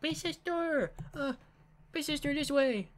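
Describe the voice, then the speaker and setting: A man voicing a cheerful, teasing little girl in a high sing-song falsetto, reading a game's lines. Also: measured pace.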